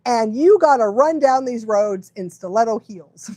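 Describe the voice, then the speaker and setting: A woman's voice: fairly high pitch, lively intonation, a little slow, warm tone, no room sound, studio quality. A woman dog trainer chatting casually on a livestream, laughing often and fumbling her words now and then.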